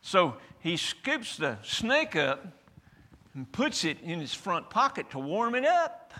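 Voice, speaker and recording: Folksy preacher, bright voice. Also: male voice, a little high, very animated, takes it slowly. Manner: folksy, emphatic, asks the congregation for amens. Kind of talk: sermon. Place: church.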